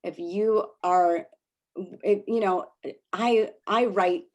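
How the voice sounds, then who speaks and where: A woman coaches a small group in a relaxed, talky way over a video call. She laughs easily and trips into restarts. Her voice sits in an ordinary middle pitch. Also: takes it slowly. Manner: chatty, laughing, many restarts. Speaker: workshop presenter. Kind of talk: casual coaching talk.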